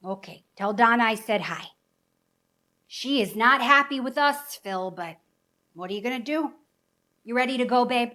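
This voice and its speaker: A woman puts on a chatty middle-aged wife arguing over the phone, indignant and folksy with a superstitious streak. Her voice sits a little higher than usual and runs defensive and firm. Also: moderate pace, long pauses, pushed and bright.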